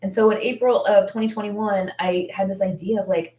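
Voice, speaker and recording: A woman's voice: medium pitch, steady tone, brisk, mellow. A woman in her thirties, an esthetician coaching others, talking casually and candidly, thinking aloud with lots of fillers. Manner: candid and heartfelt. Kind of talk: casual Q&A talk. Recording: echoey room, distant mic.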